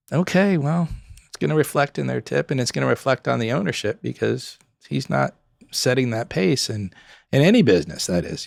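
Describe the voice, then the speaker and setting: A middle-aged man and former pub owner chatting on a podcast, an animated storyteller who acts out customers and staff in quick little voices. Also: medium pitch, gravelly, dry recording, studio quality. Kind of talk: casual podcast conversation.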